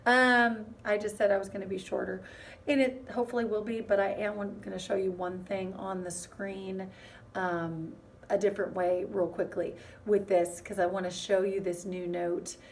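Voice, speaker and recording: A woman teaching a music lesson to young children, in a gentle, encouraging way that speaks straight to them. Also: mid-range voice, level tone, normal speed, far from the mic, slight background noise.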